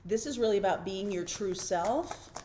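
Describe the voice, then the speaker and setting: A woman's voice: medium pitch, expressive, normal speed, mellow, a little hiss or hum. A middle-aged woman hosting a casual tarot reading, chatty and reassuring, thinking aloud with fillers. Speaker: tarot reader and channel host.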